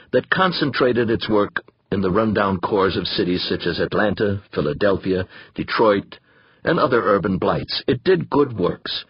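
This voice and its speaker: A male audiobook narrator reads in a measured, grave way. His voice is low and breathy. The recording is close, dry and slightly muffled. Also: dry recording. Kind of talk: scripted narration.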